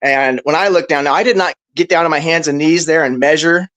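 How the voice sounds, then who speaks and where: Profane, animated man telling a story. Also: a little high, brisk, dry recording, rough recording. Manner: profane, animated, heavy on fillers like "bro" and "right". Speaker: discussion panelist. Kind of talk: casual storytelling.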